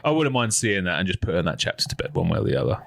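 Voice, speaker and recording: A lower-voiced man with a southern English accent, co-hosting a podcast. He chats casually and throws in "man" and "mate". The sound is dry and close. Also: big pitch swings, very fast, creaky, a bit bright, no room sound. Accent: southern English, near London. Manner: chatty, peppers talk with "man" and "mate". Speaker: podcast co-host. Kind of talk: casual chat.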